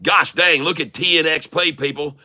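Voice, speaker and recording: Man, trading-stream host: bright, punchy, jokey and rambling. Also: fairly high pitch, fairly even intonation, normal speed. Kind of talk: casual livestream chat.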